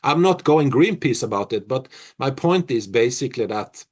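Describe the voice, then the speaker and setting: Halting middle-aged man. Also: mid-range voice, lively intonation. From Norway. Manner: reflective, halting, many restarts and fillers. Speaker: musician being interviewed. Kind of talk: casual interview answers.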